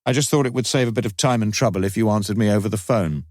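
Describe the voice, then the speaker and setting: A man voicing a cultured, authoritative older police inspector with a sharp, dry manner. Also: on the low side, quick pace, no room sound, lightly acted. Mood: probing.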